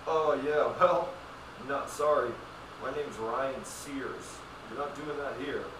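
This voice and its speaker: A man's voice: medium pitch, slow, voice pushed up, lightly acted. Smug, dismissive shop worker, put on by a man; distant roomy pickup with background noise. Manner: snooty, dismissive. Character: smug male store worker guarding the rules. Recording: roomy, distant, noisy room.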